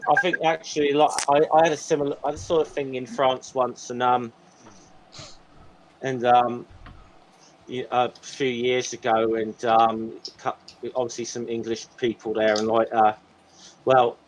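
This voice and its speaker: A man's voice: mid-range voice, little pitch movement, measured pace, a little hiss or hum, rough recording. A man in casual podcast chat, rambling through stories with lots of restarts and fillers.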